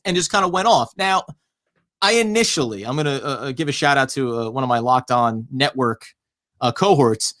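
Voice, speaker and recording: A man co-hosting a sports podcast in casual chat, animated and laughing as he acts out quotes. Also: medium pitch, fairly quick. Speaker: podcast co-host.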